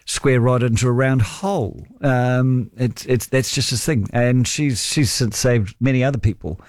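A man's voice: mid-range voice, a little slow, a little mellow, no echo, clean studio sound. A man, hosting late-night talkback radio in a chatty, encouraging way, telling stories. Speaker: fill-in talkback radio host.

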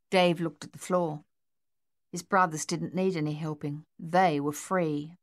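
Female narrator, low pitch, dry studio sound, even measured storytelling. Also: no echo. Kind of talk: audiobook narration.

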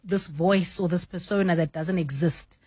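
A woman talks through the craft of news reading in an even, measured way, often adding "you know". Her voice sits on the lower side. The sound is close and dry, like a studio mic. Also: husky, no room sound. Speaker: news anchor and mentor. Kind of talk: radio studio conversation.

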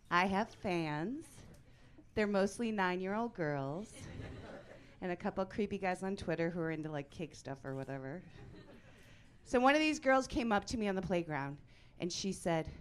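A woman in her forties performs a stand-up set on a club stage, her medium-pitched delivery deadpan and punchy with sudden loud bursts.

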